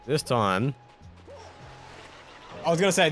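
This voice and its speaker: An Australian man chatting through a game session with a lively voice that swings up and down. He pokes fun at his own mistakes and swears mildly. Faint game music plays behind him. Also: medium pitch, measured pace, long pauses. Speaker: gaming YouTuber. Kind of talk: casual let's-play commentary.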